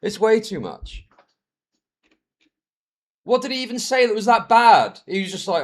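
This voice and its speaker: A man's voice: high voice, very animated, measured pace, pauses often. A man ranting as a streamer reacting to clips, heated, sweary and exasperated.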